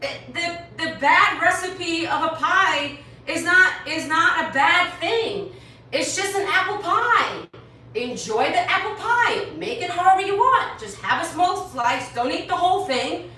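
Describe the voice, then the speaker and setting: Fitness coach lady from new york, high bright voice, kinda rambly and earnest, mic far off in an echoey room. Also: big pitch swings, a little slow, a little hiss or hum. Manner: earnest, rambling, repeats herself. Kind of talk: casual talk to followers.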